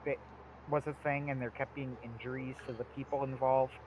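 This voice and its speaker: A man's voice: medium pitch, level tone, normal speed, dull audio, slight background noise. A man co-hosting a livestream in casual chat, telling stories animatedly with many fillers. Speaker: livestream co-host.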